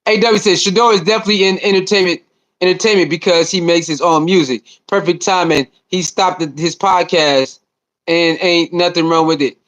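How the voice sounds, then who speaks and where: High-voiced animated livestream host. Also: male voice, fairly quick. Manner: animated, repetitive, slangy banter with viewers. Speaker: livestream host reading chat. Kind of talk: casual livestream chat.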